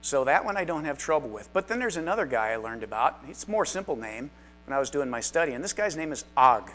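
A man's voice: on the high side, very animated, fast talker, a bit bright, a little hiss or hum. A man teaching a live Bible study class in a chatty, self-deprecating way, with frequent asides to the group.

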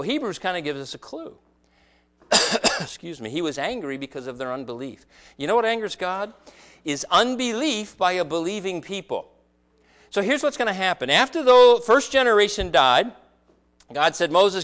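Animated, high-pitched preacher man. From United States. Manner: animated, rhetorical questions, dramatic emphasis. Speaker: pastor. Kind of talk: sermon.

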